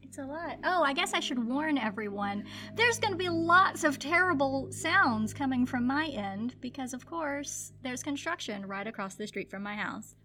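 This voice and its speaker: Bright high-voiced woman co-hosting a podcast. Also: a little hiss or hum. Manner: talks fast, animated and giggly. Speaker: podcast co-host. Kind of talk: casual chat. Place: home.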